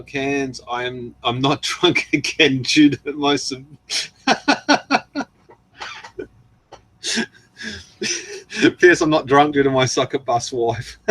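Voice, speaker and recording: A dry recording captures an Australian man hosting a casual live stream and going slowly through viewer messages. His medium-pitched voice is a bit bright, his manner chatty with lots of laughs and ums, and his throat shows the strain of long talking.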